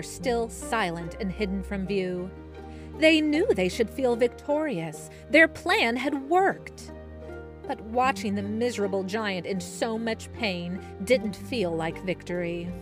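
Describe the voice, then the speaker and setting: Slow, expressive woman storyteller. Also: medium pitch. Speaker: narrator. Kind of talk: children's storytelling. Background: soft soundtrack music.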